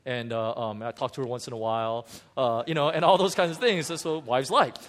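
A man's voice: medium pitch, fairly quick. A man who is a pastor, telling a candid, self-mocking story from his own marriage in a sermon, with many restarts and fillers. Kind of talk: sermon testimony.

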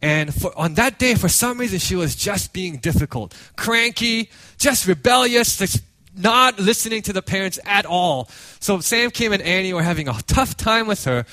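A man preaching a sermon, telling a story with animated acted-out quotes and frequent casual fillers. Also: sits high, normal speed, no echo. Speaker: pastor.

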